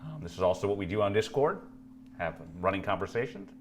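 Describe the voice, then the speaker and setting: A man's voice: lowish voice, lively intonation, fast talker, a little hiss or hum. A man co-hosting a live stream, reading viewer questions aloud and bantering playfully.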